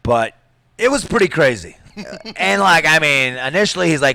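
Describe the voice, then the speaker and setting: A middle-aged man from Minnesota, a jiu-jitsu coach, telling a story in casual talk, animated and swearing freely. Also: a little high, a little fast, creaky.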